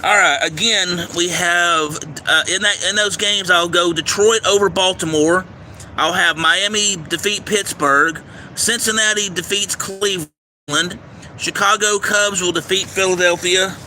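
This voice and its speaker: A man with a very bright, fairly high voice reads through a baseball schedule on a livestream, listing matchups one by one and tripping over unfamiliar names. He is outdoors, with faint traffic noise behind him. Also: fairly even intonation, unhurried. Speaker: livestream host giving baseball picks. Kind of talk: casual livestream commentary. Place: outdoors near a railway. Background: faint traffic and train noise.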